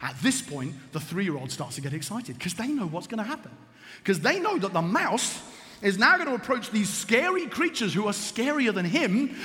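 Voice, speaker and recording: A man preaching a sermon as an animated, emphatic storyteller. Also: very high voice, big-room sound.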